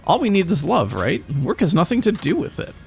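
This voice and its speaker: A man's voice: sits high, very animated, brisk, creaky, darkish tone, soft background music, pitched above the performer's own voice, heavily acted. A man voicing a giddy young woman in love, eloping in a taxi. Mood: lovey-dovey. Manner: giddy, dreamy.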